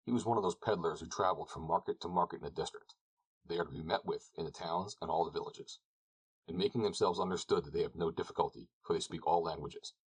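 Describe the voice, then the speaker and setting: A man narrating an audiobook, reading calmly and evenly. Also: deep voice, fast, husky, rough recording. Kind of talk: scripted narration.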